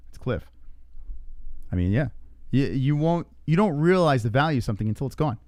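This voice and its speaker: A man's voice: mid-range voice, very animated, quick pace, darkish tone, no room sound, studio quality. A man co-hosting a podcast, running a comedic advice-line bit in a mock-serious announcer style. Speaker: podcast co-host.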